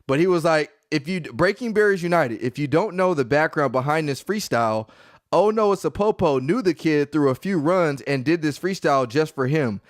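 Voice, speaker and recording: A man in his thirties co-hosting a podcast, telling stories in a casual, animated way and laughing often. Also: a little high, moderate pace, dry recording, clean studio sound. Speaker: podcast co-host.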